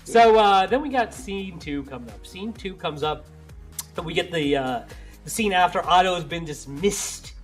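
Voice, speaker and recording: A man's voice: sits high, normal speed, soft background music. A man co-hosting a podcast in casual chat, joking and slangy as he recaps an episode. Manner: joking, slangy, animated storyteller. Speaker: podcast co-host.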